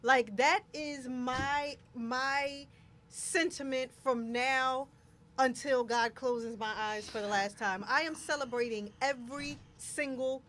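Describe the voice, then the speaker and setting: A woman's voice: high-pitched, slow pace, a bit bright, slight background noise. A woman hosting a live talk show, speaking emphatically and repeating words for stress. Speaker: show host. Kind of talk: casual live show chat.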